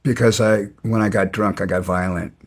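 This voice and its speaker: A middle-aged man recounting his past in an interview, halting with frequent restarts. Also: on the low side, steady tone. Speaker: guest. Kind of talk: storytelling interview.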